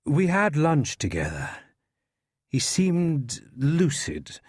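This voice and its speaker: A man's voice: a little high, wildly swooping pitch, slow pace, a little mellow, breathy edge, dry recording, clean studio sound, exaggerated voice. An actor playing an evasive older male academic from Scotland, defensive under police questioning.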